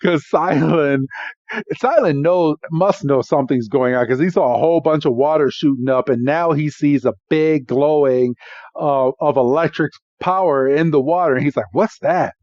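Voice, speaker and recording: A man's voice: fairly high pitch, normal speed, darkish tone, no echo, lo-fi sound. A man co-hosting a podcast, recapping an episode in casual chat, chatty and laughing often with lots of filler words. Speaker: podcast co-host.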